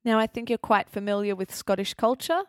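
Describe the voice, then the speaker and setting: A woman hosting a show who explains English words clearly and then interviews a guest. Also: medium pitch, fairly even intonation, slight background noise. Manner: clear, measured teaching delivery. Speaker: host and English teacher.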